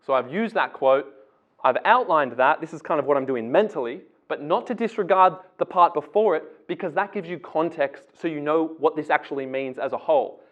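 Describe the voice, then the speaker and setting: Explanatory man, tinny phone-like sound. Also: a little high. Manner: explanatory, step-by-step, casual. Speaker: English tutor. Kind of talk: explaining essay writing.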